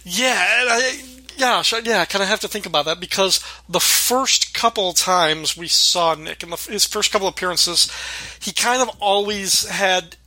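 A man's voice: sits high, moderate pace, pushed and bright, no echo, rough recording. A man who is a podcast guest, chatting casually and retelling sitcom scenes with enthusiasm. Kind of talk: casual chat about a sitcom episode.

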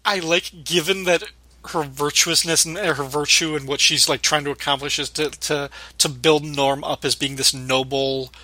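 A man's voice: fairly high pitch, steady tone, normal speed, bright, forceful tone, no room sound. A man co-hosting a podcast, chatting casually about a sitcom episode and quoting its lines. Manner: chatty, quotes lines with light laughter. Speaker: podcast co-host.

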